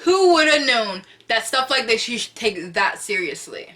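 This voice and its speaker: A young woman vlogging a storytime straight to camera from her room at home. Her voice is bright and a bit high, and her delivery is chatty and slangy. She repeats lines for emphasis and bursts into loud cries when acting out quotes. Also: big pitch swings, moderate pace. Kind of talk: storytime vlog.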